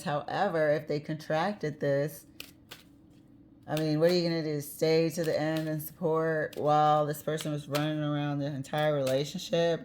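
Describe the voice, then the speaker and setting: Woman tarot reader, low-pitched, chatty and blunt, slight hiss behind. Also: darkish tone. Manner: chatty, blunt, laughs easily, occasional swearing. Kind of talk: casual tarot reading.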